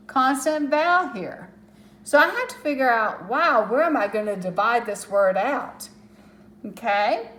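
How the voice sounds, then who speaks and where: A woman's voice: medium pitch, roomy sound. A woman teaching a phonics lesson to children, patient and step by step, stretching out the sounds of words. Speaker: reading teacher.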